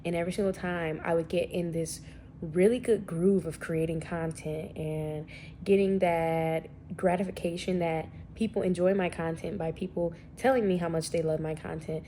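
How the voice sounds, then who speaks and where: A woman's voice: on the low side, fairly even intonation, normal speed, warm tone, slight background noise. A young woman vlogging in a casual, rambling and slangy way, a little sniffly from allergies. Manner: chatty, rambling, slangy and self-deprecating. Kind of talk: casual vlog chat.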